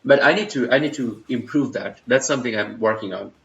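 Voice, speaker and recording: A man's voice: mid-range voice, fairly quick, vocal fry, a bit bright. Chatty Indian-accented young man streaming. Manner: chatty, loose, full of fillers and restarts, reads chat aloud. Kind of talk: casual live-stream chat. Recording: roomy, slightly dull home stream audio.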